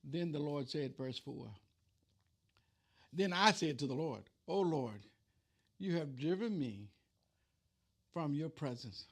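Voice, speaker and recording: A man's voice: a little high, animated, takes it slowly, long pauses. A man preacher giving a conversational Bible teaching, retelling scripture in plain everyday speech.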